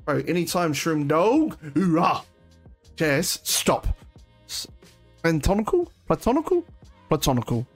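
Brief: New male streamer, slangy and excitable, swears freely, voice that jumps all over the place, faint music playing underneath. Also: fairly high pitch, slow, pauses often. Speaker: streamer taking call-ins. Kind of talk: casual chat.

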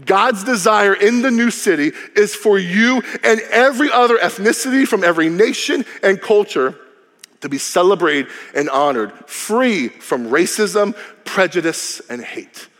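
A man preaching a sermon as a pastor, lively and humorous, dropping to a low hush for emphasis. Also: unhurried. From Cuban heritage. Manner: lively, humorous, varies volume widely, drops low for emphasis. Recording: long reverb of a large hall.

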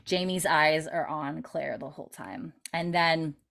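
A woman's voice: low voice, measured pace, creaky, fairly bright tone. A woman in casual chat, retelling a TV episode in detail, peppering her speech with "like" and casual swearing. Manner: chatty, heavy use of "like", swears casually. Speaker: podcast co-host recapping a TV episode.

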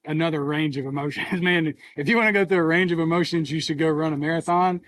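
A man co-hosting a podcast who talks in a reflective, halting way and is emotional and near tears. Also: a little high, steady tone, fairly bright tone, dry recording, poor audio. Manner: reflective, halting, open about feelings. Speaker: podcast co-host. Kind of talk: casual podcast conversation.

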